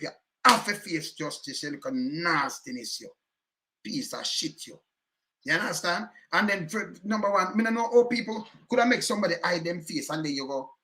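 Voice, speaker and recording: A man's voice: a little high, pushed and bright. Fired-up Jamaican man in patois. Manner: emphatic, repetitive, cursing in Jamaican patois. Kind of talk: heated casual commentary.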